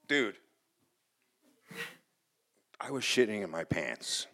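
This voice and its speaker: A man's voice: on the low side, very animated, a little slow, long pauses. A man telling a personal story live on stage in a casual, rambling way, swearing and restarting his sentences. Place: small hall in front of a live audience.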